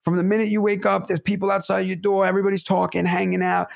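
A man who co-hosts a podcast, telling stories in a fairly high, gravelly voice. He talks in a casual, animated way, mimicking other people and dropping the odd curse. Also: fast. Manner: animated, acts out neighbors' voices, swears casually. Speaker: podcast co-host. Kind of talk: casual storytelling chat.

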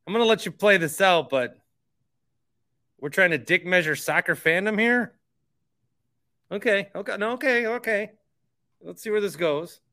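A man's voice: sits high, normal speed, pauses often, bright, forceful tone. A male sports radio host reacting to a caller, stammering and incredulous, with frequent repeated words.

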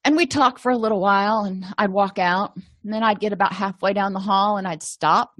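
Speaking at a medium pitch with a fairly quick, fairly bright delivery, a woman lectures clinicians on therapy skills. Her style is conversational, and she often acts out short sample dialogues.

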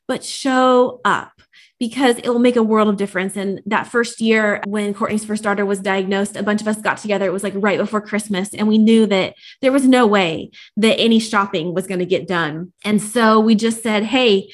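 A woman author, a guest on a podcast, speaking in a quick, animated way. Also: medium pitch. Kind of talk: casual podcast conversation.

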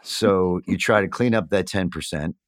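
Deep-voiced middle-aged man, dry and close. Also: normal speed, no echo. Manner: reflective, searching for words with many fillers and restarts. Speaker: guest. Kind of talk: candid conversational interview.

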